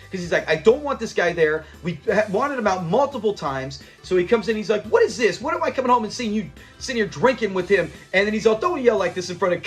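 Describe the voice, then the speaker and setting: A man hosting a show review channel, chatting casually as he retells a sitcom episode, quoting lines in character and laughing often. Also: high-pitched.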